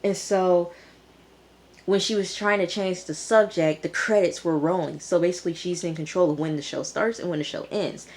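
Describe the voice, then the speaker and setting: A woman's voice: on the low side, fairly even intonation, moderate pace, darkish tone. A woman giving a casual recap of a TV episode, exclaiming and talking straight to her viewers. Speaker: TV episode reviewer.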